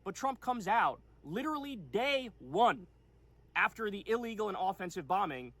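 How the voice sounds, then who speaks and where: Brief: male political commentator, quite high voice, insistent, punchy delivery. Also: very animated, moderate pace, fairly bright tone, dry recording. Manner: emphatic, insistent.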